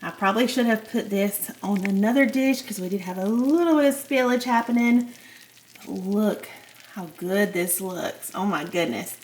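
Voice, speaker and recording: Southern woman, home-cooking host, chatty and folksy, mid-pitched, casual kitchen tutorial. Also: normal speed, a little mellow, slight background noise. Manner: chatty, folksy, addresses viewers as y'all.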